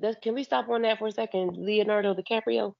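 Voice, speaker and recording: A middle-aged woman from Philadelphia, a guest in a casual chat, teasing with loud exclamations. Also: medium pitch, fairly even intonation, quick pace, creaky, muffled recording.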